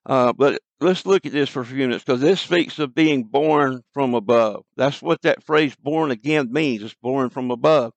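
A man preaching a broadcast sermon, reading King James scripture and slowing down to stress key words. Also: mid-range voice, gravelly, no room sound. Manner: slows to stress scripture quotes.

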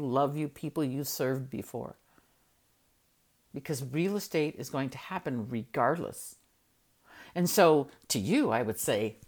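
A woman's voice: low voice, darkish tone. A middle-aged woman hosting a weekly motivational talk, encouraging listeners and repeating key phrases for emphasis. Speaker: host of a weekly motivational show.

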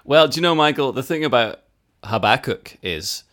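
This podcast co-host has a mid-range, fairly bright voice with lively intonation and a fairly quick pace. Mixing casual chat with Bible teaching, he explains Bible facts thoughtfully, pokes fun at himself, and laughs easily.

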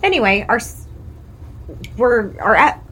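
A woman's voice: on the high side, big pitch swings, measured pace, a bit bright, slight background noise, rough recording. A woman from Illinois co-hosting a podcast, chatty and teasing in casual conversation. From Alton, Illinois. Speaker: podcast co-host. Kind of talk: casual chat.

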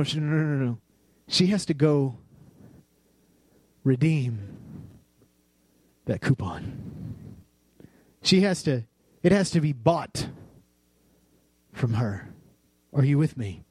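A male pastor delivering a sermon, moving easily between jokey anecdotes and earnest appeals to his listeners. His voice sits at an ordinary medium pitch and sounds dry and close. He talks directly and conversationally, checking in with his listeners as he goes. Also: slow, long pauses, husky, no room sound. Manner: playful storytelling with animated voices, then earnest preaching.

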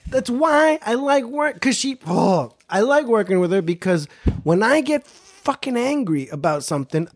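Man, podcast host, casual storytelling, profane, lively pitch. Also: normal speed. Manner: animated, profane, repeats phrases for emphasis.

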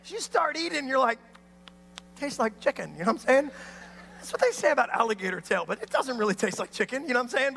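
A man preaching a sermon, an animated storyteller who acts out voices and calls out to the crowd. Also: extremely high pitch, fast talker, creaky, in a large hall. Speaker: pastor.

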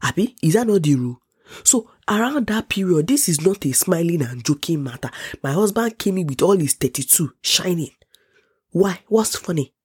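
A woman's voice: fairly low pitch, lively intonation, moderate pace, darkish tone, slightly rough, no room sound, studio quality. A young Nigerian woman with a cold, telling a dramatic personal story and acting out the people in it with raised voices and laughter. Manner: dramatic, acts out quotes in a raised voice, laughs often. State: congested with a cold. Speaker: vlogger. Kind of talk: animated storytelling.

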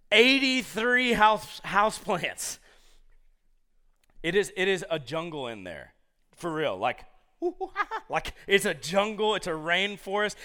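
A male preacher delivers a sermon to a live congregation, telling stories in an animated, jokey style with many asides. His voice is high and clean.

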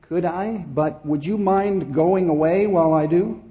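Man voicing a scared little girl, timid, pleading, soft mellow tone. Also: fairly high pitch, unhurried, lo-fi sound, lightly acted. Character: frightened thirsty little girl.

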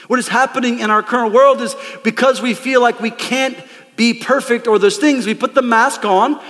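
A man preaching a lively, conversational sermon from a church stage, calling out to the congregation. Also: very high voice, moderate pace, long reverb tail. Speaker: pastor. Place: church sanctuary.

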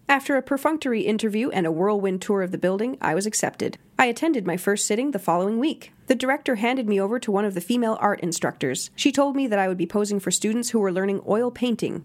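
A woman narrating a memoir audiobook in a measured, even reading. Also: mid-range voice.

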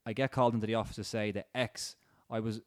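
A man's voice: on the low side, steady tone, fast, no echo, studio quality. A man in his thirties with an Irish accent, co-hosting a podcast, reading listener stories with easygoing quips. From Ireland. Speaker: podcast co-host. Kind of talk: casual chat.

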